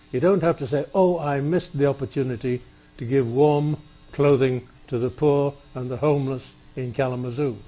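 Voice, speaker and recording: A man hosting a studio talk show, chatty and joking, with many halting fillers. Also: mid-range voice, dull audio. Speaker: TV show host. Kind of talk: public-access studio interview. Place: TV studio table.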